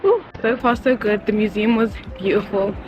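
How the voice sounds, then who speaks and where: A young woman from the United Kingdom, chatting excitedly in a casual travel vlog while walking city streets, filmed on a handheld phone. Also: mid-range voice, normal speed, lo-fi sound, over music. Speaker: travel vlogger.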